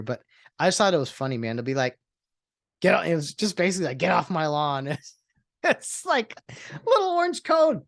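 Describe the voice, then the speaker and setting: A man's voice: a little high, no room sound, studio quality. A man hosting a solo podcast, rambling in casual talk with lots of fillers and sarcastic asides. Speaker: podcast host.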